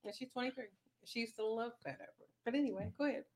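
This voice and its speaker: A woman's voice: a little high, fast, a little mellow, dry recording. A woman hosting an interview, chiming in with casual, teasing remarks. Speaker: host.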